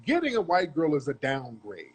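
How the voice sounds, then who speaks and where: Man, middle-aged, husky and somewhat high-pitched, lecturing his audience in a blunt, profane rant about a clip. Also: huge pitch swings, moderate pace. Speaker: commentator. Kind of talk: ranting commentary on a video clip.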